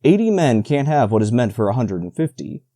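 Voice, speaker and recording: A man's voice: mid-range voice, very animated, a little fast, mellow, no echo, clean studio sound. A man voicing a stubborn, sulky army cook who answers in a curt, grudging way.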